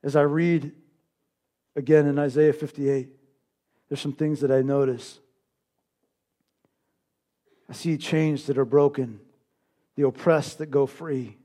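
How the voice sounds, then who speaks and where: A pastor with a high, bright male voice delivers a sermon to his congregation. His preaching swings between loud, forceful declarations and quiet, hushed lines.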